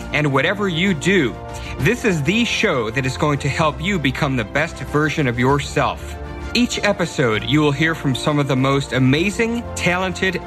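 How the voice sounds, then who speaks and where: A man with a slightly high voice reads a podcast intro in an upbeat announcer style. Clear music plays behind him the whole time, and he sounds like a show host.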